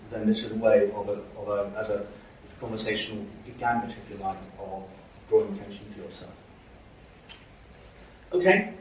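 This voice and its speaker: A man's voice: mid-range voice, a little mellow. A man giving a university lecture, explaining with frequent checks like "okay?" and "right?". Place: lecture hall. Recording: echoey hall from far off, faint noise.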